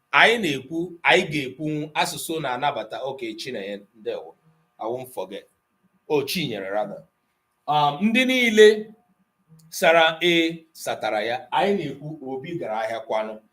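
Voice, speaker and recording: A man's voice: a little high, fairly bright tone. Patient man teaching an online language class. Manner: patient, explains grammar slowly, switches between Igbo and English.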